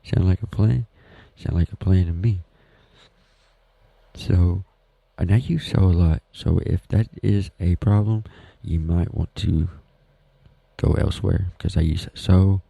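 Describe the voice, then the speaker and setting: This podcast host, a man from the Southern United States, talks alone at home in a loose, folksy manner, often poking fun at himself as he rambles. His low-pitched voice has a creaky quality, captured in a dry recording with dull audio.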